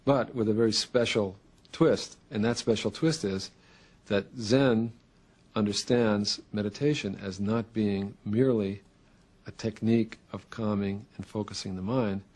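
A man teaching Zen, giving meditation instructions in a calm, measured way with unhurried pauses. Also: fairly low pitch.

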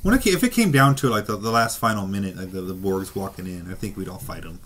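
A man co-hosting a casual podcast chat, wisecracking and cutting in with quick jokes. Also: low-pitched, expressive, a bit bright. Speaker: podcast co-host.

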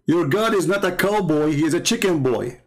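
A man's voice: a little high, lively intonation, a little fast. Sarcastic Arabic-accented man, mocking. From Arab world. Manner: taunting, sarcastic, repeats words in bursts. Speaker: Christian apologist. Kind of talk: mocking polemical commentary.

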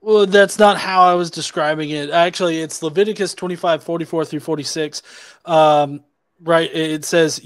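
A man's voice: fairly high pitch, fairly even intonation, moderate pace, no echo. A man debating online, probing with questions, hesitant with many restarts and fillers. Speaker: atheist debater.

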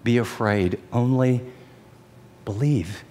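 Preacher acting out Jesus in a retold story: quiet, firm, commanding, with a trailing reverb. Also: male voice, medium pitch, slow, pitched below the performer's own voice, natural voice. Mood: solemn. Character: Jesus, a calm commanding man.

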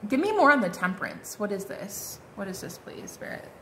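A woman delivers a casual tarot reading in a sing-song, mid-range voice, a little fast, bright and forceful. Chatty and bubbly, she's full of fillers and exclamations, saying "like" and "oh my God" a lot. There's slight background noise.

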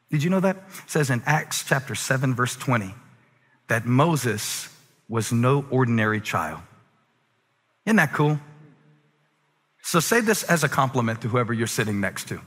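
A man preaching a sermon as a pastor, moving from quiet, conversational stretches to shouted, near-sung climaxes. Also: fairly high pitch, breathy edge. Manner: preaching with swings from quiet talk to shouted crescendos. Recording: long reverb of a large hall.

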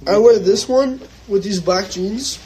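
Young guy with a high voice, teasing his friends, excitable, faint noise behind. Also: measured pace, low-quality recording. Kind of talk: casual chat with friends.

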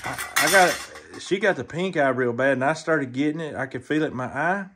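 A man's voice: fairly high pitch, a little fast, a bit bright, slightly rough. A man hosting a homestead video, teasing a friend in casual chat and calling him "son". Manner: ribbing, calls the other man "son".

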